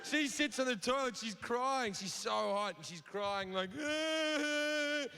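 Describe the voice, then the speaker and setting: A man performs crude stand-up comedy in a theatre, his voice high-pitched, unhurried, creaky, and pushed and bright yet smooth. He tells a story while acting out its characters' voices, heard in a reverberant live recording with an audience.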